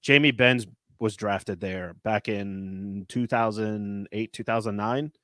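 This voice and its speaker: A man hosting a casual sports podcast, talking in an animated, rambling way with lots of filler words. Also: fairly low pitch, slow, no room sound, studio quality. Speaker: podcast host.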